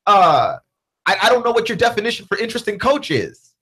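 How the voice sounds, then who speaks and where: A man hosting a sports talk radio show, arguing points in an animated way with casual slang. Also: sits high, fairly quick, slightly rough.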